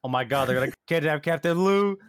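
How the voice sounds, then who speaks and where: A man's voice: on the high side, fairly quick, clear, resonant tone, dry recording, clean studio sound. A young man co-hosting a podcast, joking and laughing in casual chat while watching a cartoon. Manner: joking, laughing often, slangy. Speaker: podcast co-host.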